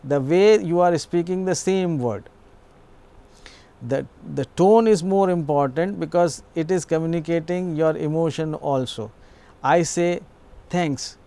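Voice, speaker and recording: Smooth-voiced lecturer. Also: male voice, a little high, a little slow, warm tone. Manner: explanatory, repeats himself with small restarts. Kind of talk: educational lecture.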